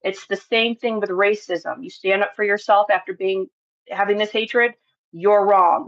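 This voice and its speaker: A woman's voice: medium pitch, steady tone, a little slow. Woman, preachy and earnest, spiritual show host, slightly dull lo-fi sound. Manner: earnest, preachy, repeats phrases for emphasis. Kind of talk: impassioned monologue to viewers.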